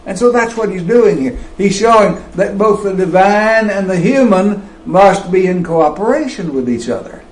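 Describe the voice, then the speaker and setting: A man preaching a sermon, slow and emphatic, with wide swings of pitch and loudness. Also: expressive, roomy sound, poor audio.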